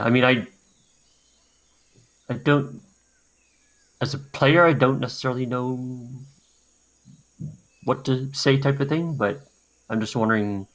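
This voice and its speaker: A man's voice: medium pitch, slow pace, long pauses. A man playing in an online tabletop game, thinking aloud hesitantly with many fillers. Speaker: player. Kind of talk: casual online game chat.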